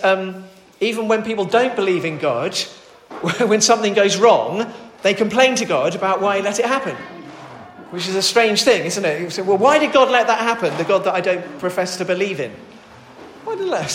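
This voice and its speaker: A man's voice: high-pitched, a bit bright. A man preaching a sermon in an earnest, conversational way, often restarting his sentences. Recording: roomy echo.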